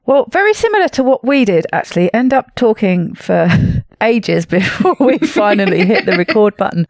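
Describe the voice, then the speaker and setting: A woman's voice: mid-range voice, big pitch swings, moderate pace, a little mellow, no room sound. Woman, Southeast English accent, podcast host, chatty, dry close sound. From Southeast England. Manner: chatty, laughs often. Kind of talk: casual interview chat.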